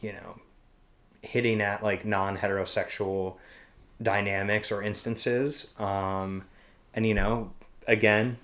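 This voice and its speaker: Male podcast co-host, lowish voice, laid-back, halting casual talk. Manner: relaxed, hesitant, many fillers and short reactions. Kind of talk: casual chat. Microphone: desk microphone.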